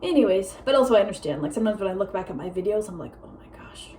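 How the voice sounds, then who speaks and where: A young woman vlogging casually at home, a self-described fast talker who rambles with many fillers. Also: mid-range voice, lively intonation, mellow, slight background noise, poor audio. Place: home with a meowing cat.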